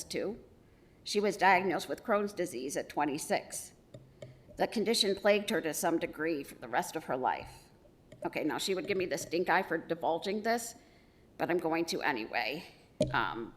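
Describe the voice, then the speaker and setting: A middle-aged woman giving a eulogy for her mother, telling stories with gentle humor. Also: fairly low pitch, lively intonation, moderate pace. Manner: warm storytelling with gentle humor. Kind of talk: funeral eulogy.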